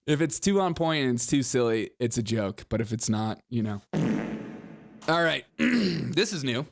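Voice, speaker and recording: A man's voice: medium pitch, very animated, a little slow, gravelly. A man hosting a live-streamed political commentary show, reading headlines and super chats with sarcastic jokes and frequent laughter at his own lines.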